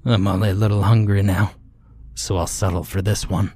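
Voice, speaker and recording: A man voicing a menacing tattooed skeleton man with a gravelly voice and a German accent. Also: low voice, level tone, normal speed, darkish tone, no echo. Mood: taunting.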